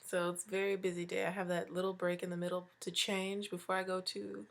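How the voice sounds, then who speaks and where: A woman's voice: fairly low pitch, flat delivery, fairly quick, vocal fry, very noisy. A young woman in her twenties, congested and chatty, talking through a casual makeup tutorial as a beauty vlogger. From Hawaii. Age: 20s. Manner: chatty, upbeat and talkative. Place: home, early morning.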